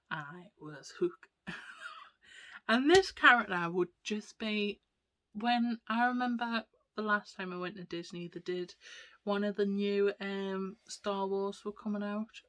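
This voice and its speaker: A woman chatting casually to camera, rambling through stories and dropping into soft whispered asides. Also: medium pitch, unhurried. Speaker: vlogger. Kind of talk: casual storytelling chat.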